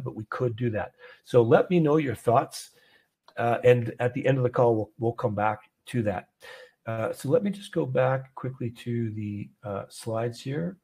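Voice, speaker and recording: A man's voice: medium pitch, darkish tone, husky. A man hosting a casual options trading call, talking through a trade and putting questions to his audience. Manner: conversational, many fillers, poses questions to audience. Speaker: trading community host.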